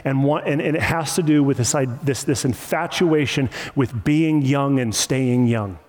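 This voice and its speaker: A man's voice: medium pitch, unhurried, darkish tone. A man preaching an impassioned sermon with emphatic repetition, recorded in a church sanctuary. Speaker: pastor. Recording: long hall reverb.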